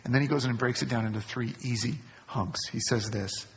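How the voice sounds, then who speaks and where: A man's voice: mid-range voice, steady tone, a little fast, slight background noise. A male pastor preaching a sermon, repeating key phrases for emphasis. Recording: long hall reverb.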